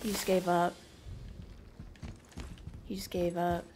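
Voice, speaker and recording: A woman's voice: lowish voice, slow, background noise. A woman doing casual let's-play commentary over a video game, exclaiming and joking at her own expense. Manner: excitable, exclaiming and joking at herself. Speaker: gamer playing through a video game. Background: game music and sound effects.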